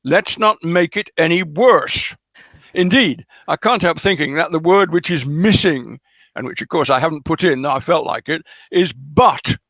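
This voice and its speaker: A man being interviewed as a scholar, explaining carefully in an unhurried lecturing way, full of ums and restarts. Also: fairly high pitch, a bit bright, no echo. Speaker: guest scholar. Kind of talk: lecturing conversation.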